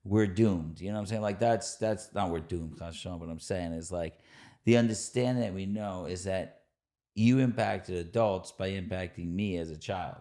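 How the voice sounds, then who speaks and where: A male podcast host in a casual interview. His voice sits somewhat low. He talks in an excitable, rambling way, stringing loose thoughts together. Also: normal speed. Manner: excitable, rambling, laughs often.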